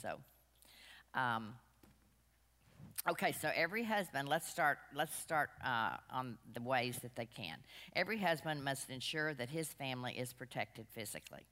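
Low-voiced woman, chatty and rambling. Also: moderate pace. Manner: rambling, chatty, self-deprecating, animated anecdotes. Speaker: women's class speaker. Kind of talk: storytelling talk to a group. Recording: long hall reverb.

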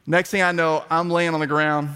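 A man preaching a sermon as a pastor, telling stories in a lively, conversational way with repeated phrases, speaking to a congregation in a church. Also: fairly high pitch, normal speed, smooth. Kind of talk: storytelling sermon. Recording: long reverb of a large hall.

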